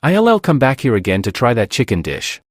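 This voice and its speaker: A man's voice: mid-range voice, huge pitch swings, normal speed, no room sound. Brief: male narrator doing a dramatic young woman, dry close sound. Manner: dramatic, exclaiming.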